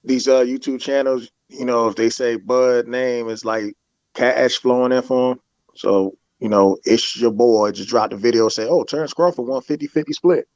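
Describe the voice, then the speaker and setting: A man's voice: medium pitch, fairly even intonation, normal speed, darkish tone, no echo. Man guest on a dull lo-fi line. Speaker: stream guest.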